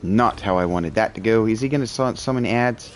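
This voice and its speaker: A man in his thirties, chatty and excitable, talking to a game character in-character as he plays and sometimes yelling in bursts. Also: fairly low pitch, fairly quick, slight background noise. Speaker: gaming streamer roleplaying his character. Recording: music playing behind.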